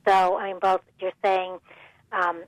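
A woman's voice: on the low side, flat delivery, measured pace, dry recording, low-quality recording. A woman professor, a guest on a radio show, explaining her research earnestly. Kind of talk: radio interview.

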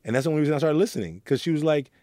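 A man's voice: a little high, animated, very fast, warm tone, no echo, studio quality. A middle-aged man from Oakland, a youth mentor, earnestly telling his story in an interview and acting out quoted lines. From Oakland, California. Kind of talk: reflective interview talk.

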